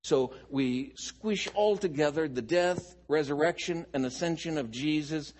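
Slow husky preacher in a hall. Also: male voice, fairly high pitch, darkish tone. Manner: slow, deliberate, rhetorical questions then answers. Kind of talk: expository Bible teaching sermon.

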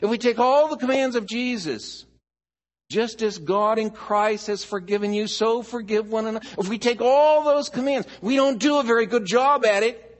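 A man preaching a sermon as pastor, animated, swinging from loud emphasis to near hush. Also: high voice.

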